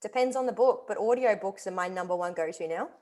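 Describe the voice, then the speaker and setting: A woman's voice: medium pitch, quick pace, a little mellow. A woman, a guest author, talking enthusiastically on a video call, full of "literally" and "like.". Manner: enthusiastic, talkative, repeats "literally" and "like". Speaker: guest author and wellness coach. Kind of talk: casual interview chat.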